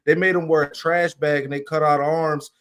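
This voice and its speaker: A military veteran on a panel, measured as he tells of his old unit. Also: on the high side, flat delivery, fairly bright tone. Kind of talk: panel debate.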